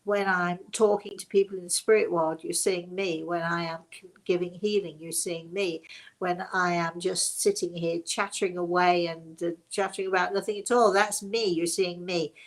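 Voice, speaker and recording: A woman's voice: lowish voice, steady tone, moderate pace. An older woman talks straight to her online audience in a loose, chatty way. She wanders from thought to thought, restarts her sentences and keeps breaking into laughter as she goes. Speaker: host. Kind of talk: casual chat to a webinar audience.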